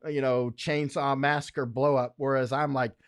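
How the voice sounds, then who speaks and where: A man's voice: medium pitch, little pitch movement, normal speed, clean tone, no room sound, clean studio sound. An American man hosting a casual livestream, rambling in a folksy way, often laughing between thoughts. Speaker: livestream host.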